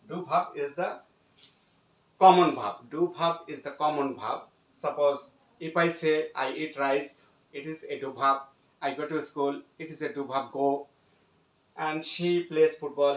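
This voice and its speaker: Slow, halting man teaching grammar. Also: on the high side. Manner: slow, halting, many fillers and repeated phrases. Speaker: English teacher. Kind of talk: grammar lesson. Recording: echoey room, mic at a distance.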